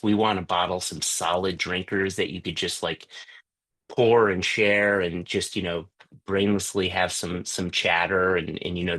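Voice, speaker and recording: A man's voice: fairly low pitch, a bit bright. Chatty man on a video call. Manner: chatty, loose, with many fillers and restarts. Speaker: whisky tasting host. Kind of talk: casual online tasting talk.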